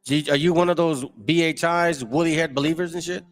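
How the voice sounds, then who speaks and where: Hosting his channel's livestream, a man with a slightly high voice talks fairly quickly in a steady tone, with faint music in the background. He reads the chat and argues with viewers, mocking them in a combative, confrontational style.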